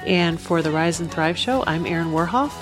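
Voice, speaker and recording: A woman's voice: lowish voice, expressive, over loud music. A woman podcast host wrapping up the show with a friendly sign-off and thanks. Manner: friendly, brisk sign-off with listener calls to action. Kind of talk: show outro.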